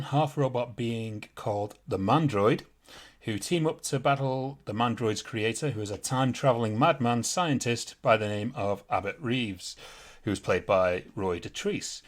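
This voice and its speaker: A British man hosting a podcast in casual chat, laughing often and going on grumbling rants. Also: mid-range voice. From Britain. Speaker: podcast host.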